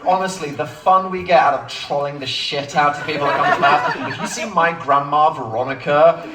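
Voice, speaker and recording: A man, an author chatting on stage at a book event Q&A, self-mocking and quick to laugh. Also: on the high side, distant mic, a loud crowd. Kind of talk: live on-stage Q&A chat. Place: bookshop event space with a live audience. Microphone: phone recording from the audience. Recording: echoey room taped from afar.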